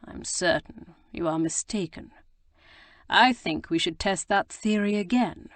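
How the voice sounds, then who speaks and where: A roguish young Regency lord, as a woman reads him, drawls his teasing with mock innocence. The voice sits low and the recording is dry and close. It suits an audiobook romance. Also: measured pace, dry recording, lightly acted.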